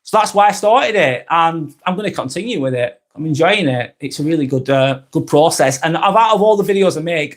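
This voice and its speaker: A man's voice: fairly high pitch, expressive, brisk, hardly any pauses. A man with a Lancashire accent hosting a live stream, talking in a rambling, reflective way and often restarting and correcting himself. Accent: Lancashire (Blackburn). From Lancashire, northwest England. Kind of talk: casual live-stream monologue.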